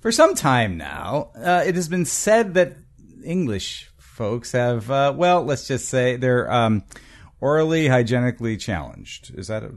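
A man's voice: mid-range voice, very animated, measured pace. A man co-hosting a casual podcast chat, talking hesitantly with many fillers and laughing often. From United States. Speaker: co-host.

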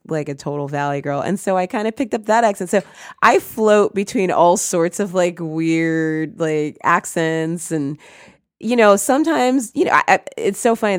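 Caribbean-born woman, Spanish her first language, animated storyteller; slightly low voice, dry close sound. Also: normal speed, smooth, no room sound. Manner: animated storyteller, laughs often. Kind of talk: casual conversation.

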